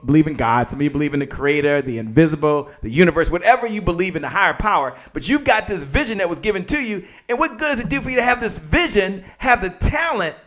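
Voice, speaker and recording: A man hosting a live video interview, energetic and motivational, hyping up his guest and audience. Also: a little high. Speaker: show host interviewing an author.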